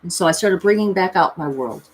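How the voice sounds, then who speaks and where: A woman in her thirties telling a personal story in a confessional vlog, emotional and earnest, with pitch jumping high as she recalls pleading. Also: lively intonation, brisk, a little hiss or hum. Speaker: tarot reader and vlogger.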